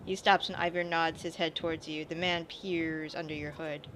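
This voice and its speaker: A woman's voice: sits low, fairly even intonation, moderate pace, few pauses, a bit bright, slight background noise. A woman playing a video game and reading its dialogue aloud in a casual way, swearing now and then and commenting on the game as she goes. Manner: reads lines mostly without character voices. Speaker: let's play gamer.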